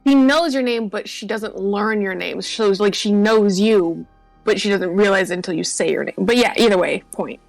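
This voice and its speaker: A woman playing a tabletop game explains her reasoning in a breezy, relaxed way. Her voice sits at a middle pitch. The sound is dry and close, with faint music behind. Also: moderate pace, creaky, no room sound. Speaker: player. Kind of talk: tabletop game play, casual chat.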